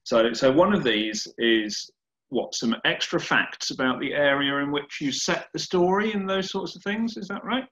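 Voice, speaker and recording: A man's voice: fairly high pitch, moderate pace, fairly bright tone, reverberant, lo-fi sound. A man hosting a podcast, asking a guest about his book in a chatty way. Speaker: podcast host. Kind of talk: interview questions.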